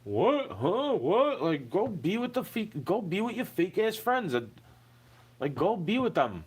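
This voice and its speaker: A man's voice: sits high, very animated, normal speed, husky. A man in a recorded monologue, ranting with profanity and firing off rhetorical questions.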